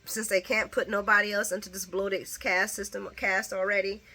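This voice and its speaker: A woman's voice: mid-range voice, flat delivery, normal speed, bright, forceful tone. A woman giving a casual, opinionated recap of a soap opera, laughing often and cursing.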